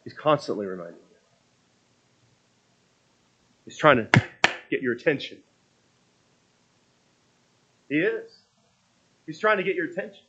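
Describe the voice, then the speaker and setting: A man's voice: on the high side, sing-song, moderate pace, long pauses, a bit bright, lo-fi sound, slight background noise. A man preaching a sermon in a conversational, storytelling way, often restarting his phrases.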